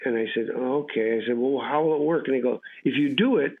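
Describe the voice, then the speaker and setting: Over a tinny, phone-like radio line, an American actor tells rambling stories in a casual interview, acting out what people said. His mid-range voice moves at a quick pace.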